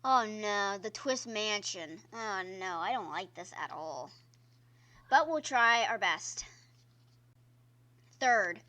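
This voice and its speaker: Slow-talking bright-voiced woman streamer. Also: mid-range voice, animated. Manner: chatty, exclaims at the game, talks to viewers. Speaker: gaming streamer. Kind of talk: casual gameplay commentary. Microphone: own microphone.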